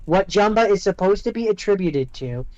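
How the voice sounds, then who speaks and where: A man's voice: high voice, lively intonation, normal speed, a little mellow, highs cut off. A man co-hosting a podcast in casual chat, insistent and opinionated, swearing now and then. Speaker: podcast co-host.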